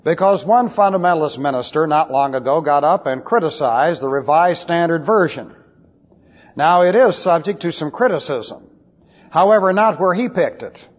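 A man's voice: on the high side, lively intonation, moderate pace. A man pastor giving an expository Bible lesson to his congregation, emphatic and wry with scornful asides. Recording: muffled old recording in a reverberant hall.

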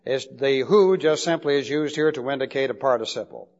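Brisk and mid-range with a darkish tone, this man's voice comes through a dull lo-fi recording with long hall reverb. He's giving a classroom lecture on Bible Greek grammar, emphatic as he repeats points and spells out key words.

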